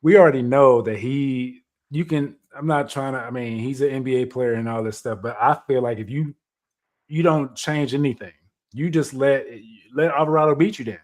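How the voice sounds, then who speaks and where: A man of middle pitch co-hosts a casual sports podcast. He talks through game strategy in long, analytical stretches and presses his point. His voice stays ordinary and plain. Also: normal speed, a little mellow. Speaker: podcast co-host.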